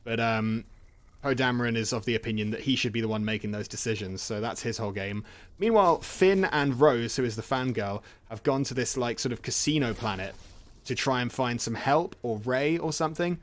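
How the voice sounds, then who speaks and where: Guy rambling thru a movie recap while gaming, jokey, laughs a lot, mid pitch. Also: a little fast. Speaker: gaming channel host. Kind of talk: casual recap while playing a game.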